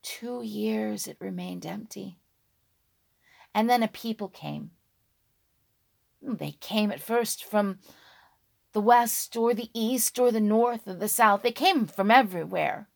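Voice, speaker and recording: A woman telling a dragon folk tale slowly and dramatically, dropping to a hush and rising on key words. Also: medium pitch, gravelly. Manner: slow, hushed and dramatic, with sudden loud words. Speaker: storyteller.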